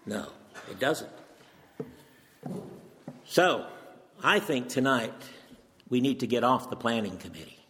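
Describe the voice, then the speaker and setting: High, lively older man preaching in hall. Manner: earnest, emphatic, asks rhetorical questions. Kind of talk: sermon. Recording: long reverb from a hall.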